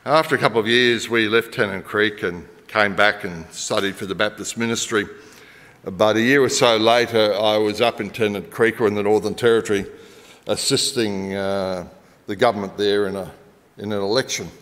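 A middle-aged Australian man preaching a sermon and telling a story, swinging between loud emphasis and quiet asides. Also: fairly low pitch, fairly even intonation, normal speed, long reverb tail.

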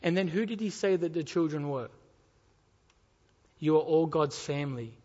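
A man delivers a sermon in a fairly high voice, emphatic and fond of repeating his key phrases and asking the congregation questions. The sound is a little dull and muffled, and a long reverb trails from the church hall around him. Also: normal speed, mellow. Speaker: preacher.

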